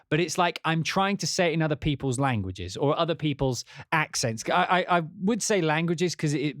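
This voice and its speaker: English composer guy rambling and swearing on a stream, voice a bit high, dry close sound. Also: dry recording. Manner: rambling and profane, with many restarts. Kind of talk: casual livestream chat.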